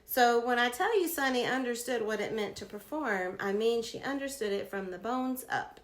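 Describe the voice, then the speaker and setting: A woman in her fifties shares a personal story, reflective yet emphatic, drawing a life lesson from her past. Her voice is fairly high-pitched at normal speed, recorded with a roomy echo.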